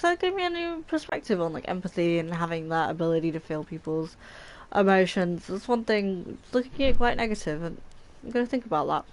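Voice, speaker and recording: Woman, let's play commentary, emotional, tender, slightly low voice. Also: very animated, brisk. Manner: warm, tender reactions, easily moved to tears.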